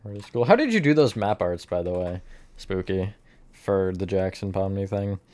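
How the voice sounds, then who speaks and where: A man's voice: low-pitched, animated, normal speed, a little mellow. A man streaming live, chatting casually with his viewers while he builds, often laughing at his own slips. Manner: chatty, self-mocking, answers chat mid-task.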